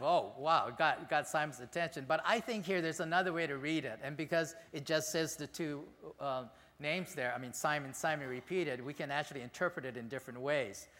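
A man pastor giving a conversational, animated sermon in a church sanctuary. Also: fairly high pitch, long reverb tail.

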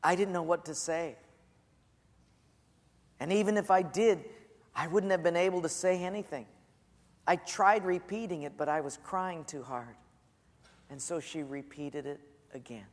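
A man delivers a sermon in a storytelling way, often softening to a near-hush for quoted lines. His voice sits a little high, and it echoes through a hall with a long reverb tail. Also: a little slow, long pauses. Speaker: pastor.

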